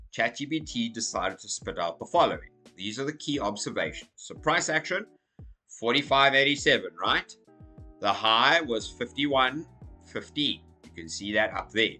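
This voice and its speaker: A man with a hoarse, croaky voice talking casually through crypto market commentary, energetic and checking in with "okay?" as he goes. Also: medium pitch. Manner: energetic, repeats okay and so as you can see. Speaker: crypto YouTuber.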